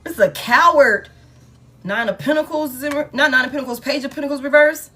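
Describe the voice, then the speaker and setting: Talking fast in a high, somewhat bright voice, this tarot reader leads a live collective reading with soft music behind her. She's blunt and exasperated, swears, and hammers points home by repeating phrases.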